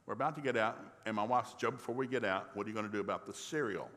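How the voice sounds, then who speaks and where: An older man, a pastor from the rural South, tells a family story in a folksy, animated sermon. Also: on the low side, rapid-fire, long reverb tail. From rural American South.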